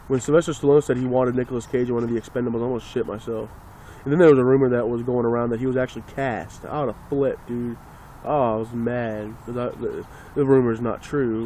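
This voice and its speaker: A vlogger with a medium-pitched, dark-toned voice rants casually and sarcastically into a phone, rambling and swearing as he goes. There's slight background noise.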